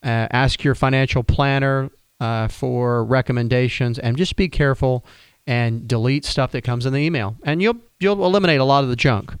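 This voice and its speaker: Smooth, dry-voiced man hosting advice radio. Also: medium pitch, normal speed, no room sound. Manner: conversational, folksy, frequent restarts. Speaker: radio show host, financial planner. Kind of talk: casual radio advice talk.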